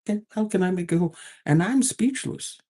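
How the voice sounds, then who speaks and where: A woman hosting an advice talk, telling a personal story in a lively way and acting out the voices of the people in it. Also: medium pitch, fairly quick, husky. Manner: animated, acts out quoted exchanges. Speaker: advice host.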